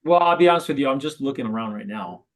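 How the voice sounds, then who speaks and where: A man coaching a real estate agent in a role play, talking briskly and often checking in with "right?". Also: medium pitch, animated, poor audio. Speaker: sales coach.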